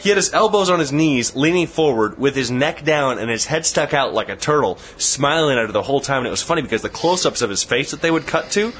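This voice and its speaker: A man's voice: medium pitch, quick pace, few pauses, slight background noise. A man co-hosting a casual podcast, telling stories animatedly with frequent restarts. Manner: animated storytelling, mimics voices, stammers on restarts. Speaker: podcast co-host. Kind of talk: casual chat.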